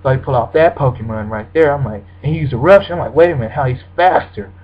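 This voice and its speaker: A man's voice: medium pitch, quick pace, slightly rough. A man giving casual play-by-play commentary on his own video game match, acting out his reactions as he goes. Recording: dull lo-fi recording.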